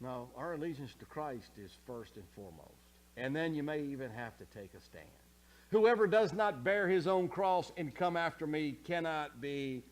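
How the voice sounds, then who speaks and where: Animated preacher man, lively pitch. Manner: animated, conversational preaching with frequent check-ins; swings from soft asides to loud emphatic quotes. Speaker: pastor. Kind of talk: sermon.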